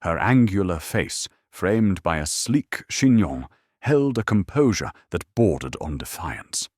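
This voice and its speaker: Deep-voiced male mystery narrator. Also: measured pace, no echo, clean studio sound. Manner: steady, descriptive storytelling. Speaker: audiobook narrator. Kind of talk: scripted narration.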